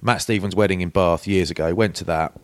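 A man's voice: sits low, fairly even intonation, brisk, clear, resonant tone, dry recording. A man in his forties, co-hosting a podcast in casual chat, telling anecdotes and acting out quoted voices. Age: 40s. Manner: chatty storyteller, acts out quoted voices. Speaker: podcast co-host.

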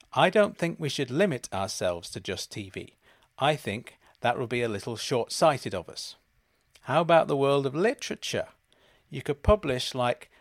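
A man, hosting a podcast and delivering a deadpan comic monologue about absurd schemes. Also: mid-range voice, no room sound, clean studio sound. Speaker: podcast host.

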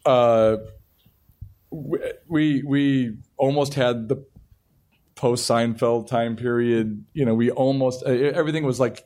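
A man's voice: mid-range voice, steady tone, slow pace, a little mellow. A middle-aged man, a television writer, telling a long story at a panel interview and often restarting his sentences. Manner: rambling storytelling with frequent restarts. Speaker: television writer and show creator.

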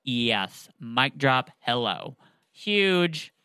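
A man's voice: mid-range voice, very animated, extremely slow, pushed and bright, smooth, no echo, rough recording. Rambling man retelling a story. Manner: rambling, filler-heavy. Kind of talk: casual storytelling chat.

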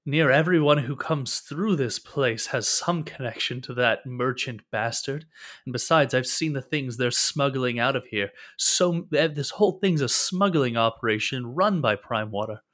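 Man playing a nervous captive bard, stumbles over words, quick to assume. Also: mid-range voice, fairly bright tone, natural voice. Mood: puzzled. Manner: jumpy, stammering, quick to assume. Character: captive young male bard, nervous and bewildered.

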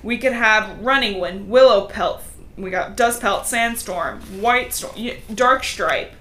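Her mid-range voice has a sharp edge, and there's a little hiss or hum in the recording. As a podcast co-host, she casually and quickly summarizes a book, briefly acting out the cats' dialogue.

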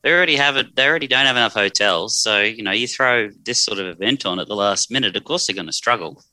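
A man's voice: fairly low pitch, fast, sharp tone, no echo, poor audio. A man with an Australian accent, a podcast guest trading dry, teasing wisecracks in casual banter.

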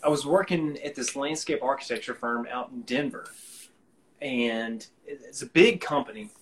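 A man's voice: mid-range voice, normal speed, poor audio. A man with a light Alabama Southern accent, a guest musician telling a rambling story with lots of fillers and restarts. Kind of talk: casual storytelling.

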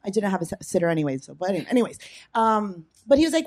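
A woman's voice: mid-range voice, very animated, racing, darkish tone, no room sound. A woman from the audience telling a casual story, chatty and self-deprecating, rambling as she goes. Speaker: audience member. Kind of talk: casual story told to a live crowd.

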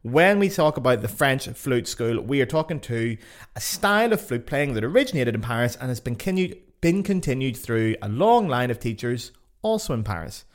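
A man's voice: medium pitch, very animated, normal speed. A Northern Irish man hosting a podcast in a casual monologue, blunt and sweary, mocking himself as he goes. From Northern Ireland. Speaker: podcast host.

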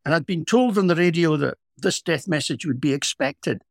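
A middle-aged Scottish man, a former police officer co-hosting a podcast, telling a story in a measured, reflective way. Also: fairly high pitch, no echo, clean studio sound. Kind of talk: casual storytelling.

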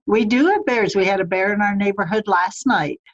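A woman's voice: medium pitch, a little fast, dull audio. A middle-aged woman guest chatting in an interview, laughing often with frequent ums and restarts. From United States. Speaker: podcast guest, publisher. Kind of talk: casual interview chat. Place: home in the mountains of Colorado.

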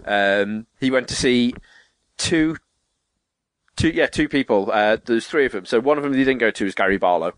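A young man, a podcast co-host telling stories in casual chat and jumping up in pitch to act out quotes. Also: normal speed, no room sound. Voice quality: animated storyteller, swearing, acting out quotes in a higher voice.

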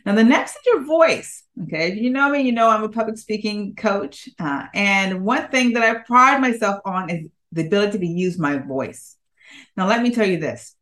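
Emphatic woman coaching on public speaking. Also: moderate pace. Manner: emphatic, keeps checking in with "okay?"; animated, swings her pitch up and down for emphasis. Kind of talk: coaching talk to an audience.

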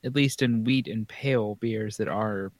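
Man, medium pitch, joking casual talk, dry recording. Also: no echo. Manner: joking, quick asides. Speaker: podcast co-host. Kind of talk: casual chat.

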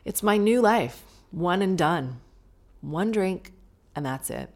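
A woman's voice: lowish voice, takes it slowly. British woman telling a comic story. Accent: British English. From Britain. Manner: animated, self-mocking, comic storytelling. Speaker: podcast host. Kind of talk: solo podcast storytelling.

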